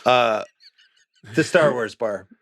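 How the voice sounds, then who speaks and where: A man's voice: mid-range voice, takes it slowly, fairly bright tone, no echo. A man hosting a casual movie podcast, steering the chat with jokey questions. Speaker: podcast host.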